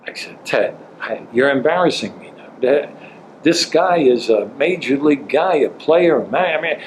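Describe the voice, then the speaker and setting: An older man, a former coach, telling an animated story as an interview guest. He chuckles between lines and jumps his pitch when quoting people. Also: moderate pace, slight background noise, poor audio. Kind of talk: storytelling anecdote.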